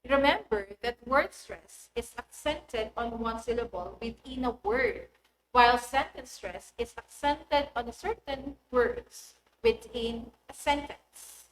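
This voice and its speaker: A woman teaches in an unhurried, deliberate way, sounding out example words one at a time with clear stress. Her voice sits high, and the recording carries a roomy echo. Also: noisy background. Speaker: English teacher. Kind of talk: recorded classroom lesson.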